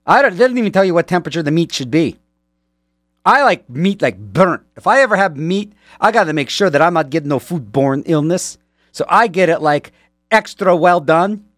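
A man's voice: a little high, lively intonation, moderate pace, a bit bright, no echo. A man hosting a radio show in a rambling, playful way, joking his way through the ads on a studio mic. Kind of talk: casual radio chat.

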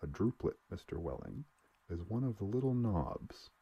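A man reading aloud and voicing a self-assured elderly doctor who talks in a measured, lecturing way. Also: on the low side, big pitch swings, vocal fry, dark tone, slightly rough, muffled recording, voice pushed up, heavily acted.

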